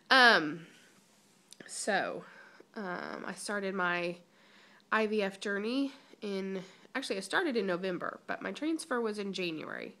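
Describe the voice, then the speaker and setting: A woman's voice: mid-range voice, expressive, slow, sharp tone. A young woman giving a chatty, emotional personal vlog update, holding back tears, with many ums and restarts. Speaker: vlogger.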